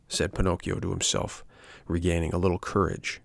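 A man reading a classic storybook aloud as an audiobook narrator, in a measured, even manner. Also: deep voice, creaky, no room sound.

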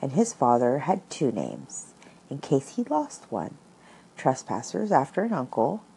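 Low, mellow female storyteller with a very expressive read-aloud delivery. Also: a little slow, gravelly, a little hiss or hum, rough recording. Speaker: storyteller and commentator. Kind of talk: storybook reading with commentary.

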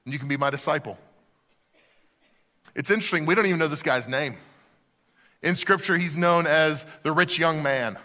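Pastor, male, high bright voice, animated sermon delivery, church reverb. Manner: animated preaching, dropping to soft emphasis. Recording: reverberant hall.

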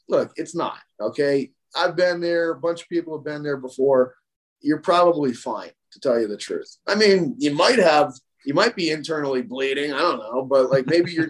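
Fairly high-voiced man, blunt and chatty. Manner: animated and blunt, repeats phrases for emphasis, peppered with "like". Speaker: strength coach and podcast guest. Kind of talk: casual conversational explanation.

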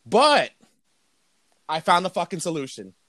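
High-voiced young man, profane joking podcast chat. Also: wildly swooping pitch, measured pace, a bit bright, dry recording. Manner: loose, profane, joking rants. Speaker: podcast co-host. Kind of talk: casual crude podcast chat.

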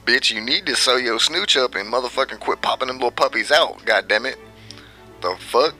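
A man's voice: mid-range voice, fairly quick, pushed and bright, faint music behind. Brash, profane man ranting. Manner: brash, profane, laughing at his own jabs. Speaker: vlogger. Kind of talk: profane rant commentary.

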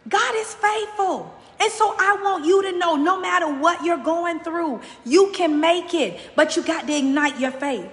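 A woman's voice: extremely high pitch, a little slow, few pauses, reverberant, long reverb tail. A woman hosting a motivational faith podcast, giving a fervent, preacherly message straight to her listeners.

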